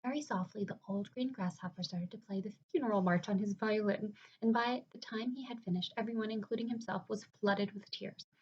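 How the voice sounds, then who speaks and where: A woman reading a children's book aloud in an expressive storytelling way, sometimes dropping to a hush. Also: mid-range voice, fairly quick, few pauses, slightly rough, lo-fi sound. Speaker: reader.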